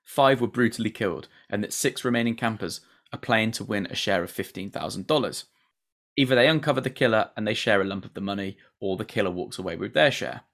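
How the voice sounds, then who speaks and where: A man's voice: fairly low pitch, quick pace, a bit bright. A man hosting a podcast, recapping a TV episode in sweary, laughing casual chat. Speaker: podcast host.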